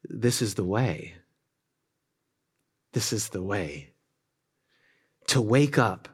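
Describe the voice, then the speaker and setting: A middle-aged male pastor preaching a sermon in an earnest, conversational way, often repeating words and adding quick asides. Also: medium pitch, breathy edge.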